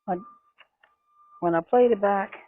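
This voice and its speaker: A woman's voice: mid-range voice, unhurried, no room sound, narrow, tinny audio. A woman vlogging in her garden, talking casually and rambling with restarts as she waters and plants. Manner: chatty, rambling, with many restarts. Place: outdoors in a garden. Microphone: camera microphone.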